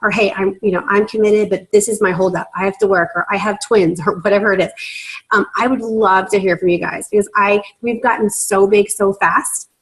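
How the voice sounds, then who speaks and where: A young sales-business team leader, close to tears, gushes emotionally over a video call with plenty of filler words. She has a mid-range voice with fairly even intonation and speaks a bit quickly, captured in a rough recording.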